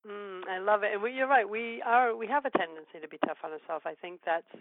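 An older woman hosting a radio show, telling stories in a gentle, encouraging way. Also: medium pitch, fast, a little hiss or hum. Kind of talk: casual interview chat. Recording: tinny phone-line sound.

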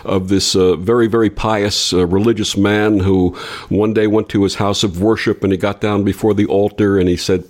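A man's voice: on the low side, flat delivery, normal speed, darkish tone. A man hosting an interview, chatting with his guest and telling a joke as a story. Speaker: interview host. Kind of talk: casual interview talk.

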